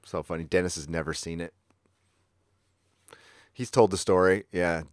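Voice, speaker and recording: A middle-aged man from San Diego, chatting casually as a livestream host and telling rambling, profane stories that jump into sudden high-pitched bursts. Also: steady tone, moderate pace, dry recording, clean studio sound. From San Diego, California. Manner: laid-back, profane storytelling with sudden high-pitched outbursts.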